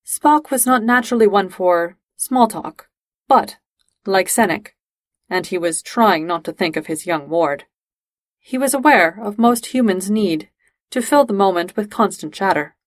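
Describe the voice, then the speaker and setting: A woman narrating a fan-fiction audiobook in a steady, even storytelling manner. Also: mid-range voice, unhurried, no room sound.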